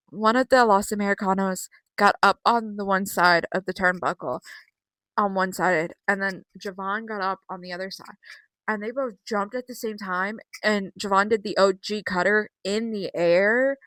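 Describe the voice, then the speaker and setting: Young woman, casual vlogger, bright crisp voice, dry close mic, chatty, swears freely, lots of fillers. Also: medium pitch, dry recording. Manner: chatty and profane, with frequent fillers. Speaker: wrestling vlogger. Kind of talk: casual recap vlog.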